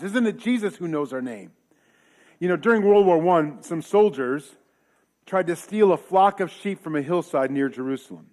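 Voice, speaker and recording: A man with a slightly high, darkish voice delivers a casual church sermon as a pastor. He talks conversationally, tossing in jokes and rhetorical questions.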